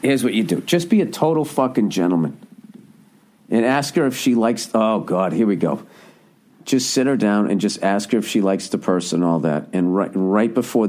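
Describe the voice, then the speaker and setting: In a low, slightly mellow voice, a middle-aged podcast host rambles through a crude, comedic monologue, often pausing to correct himself as he goes.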